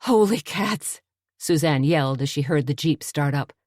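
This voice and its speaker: Low-voiced woman narrating an audiobook. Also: no echo, clean studio sound. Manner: steady, measured storytelling.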